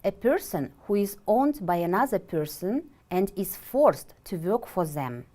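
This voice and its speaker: A woman teaching a televised English vocabulary lesson, slow and carefully enunciated, asking questions and answering them herself. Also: mid-range voice, very animated, warm tone. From Kyrgyzstan. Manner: slow, deliberate, clearly enunciated.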